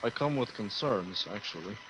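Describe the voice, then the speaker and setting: A man playing his character in a tabletop game, calm and measured. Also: fairly low pitch, slight background noise. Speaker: player. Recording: dull lo-fi audio.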